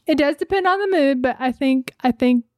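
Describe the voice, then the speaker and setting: A woman's voice: high voice, a little fast, dry recording, clean studio sound. A woman in casual podcast chat, rambling and playful, repeating words as she goes.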